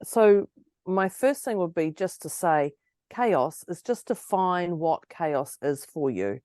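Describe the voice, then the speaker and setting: A woman co-hosting a podcast, her pitch moving a lot and her tone mellow. She chats casually and giggles easily, and her voice sounds a little husky, as if it's going. The sound is close and dry. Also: slow, no room sound. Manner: giggly, animated and chatty. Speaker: podcast co-host. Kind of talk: casual motivational chat.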